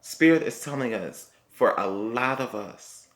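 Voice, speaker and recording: A man giving a spiritual tarot reading, speaking slowly and repeating himself, often checking in with "okay?". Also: mid-range voice, lively intonation, fairly bright tone. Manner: slow, repetitive, reassuring, punctuated by "okay?". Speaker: tarot reader.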